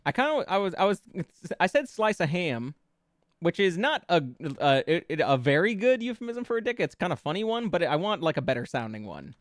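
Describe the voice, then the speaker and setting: Very animated and brisk, his voice sitting high, a male VTuber giggles and plays around with his chat while they riff on song lyrics together. He stammers through restarts in this casual stream. The studio-quality audio has no room sound.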